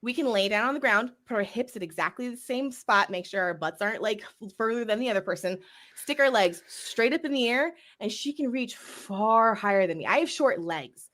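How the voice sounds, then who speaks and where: An American woman in casual chat as a podcast co-host, giggly and quick to laugh, talking in an animated way. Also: a little high. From United States.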